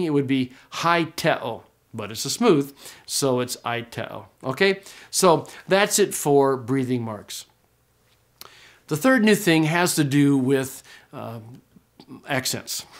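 A man teaching a Greek class, explaining pronunciation patiently, repeating words slowly and checking in with "okay?". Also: mid-range voice. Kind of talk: classroom lecture.

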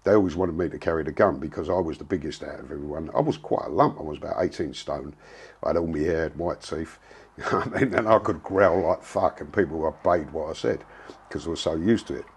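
A man's voice: a bass voice, quick pace, husky. A man, telling a story in a blunt, casual way, full of slang and swearing. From England. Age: 60s. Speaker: interviewee.

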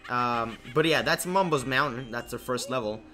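A young let's play host with a medium-pitched voice speaks at a moderate pace, pushed and bright, with faint music behind. He rambles casually through his gameplay, full of fillers and restarts, and makes jokes at his own expense.

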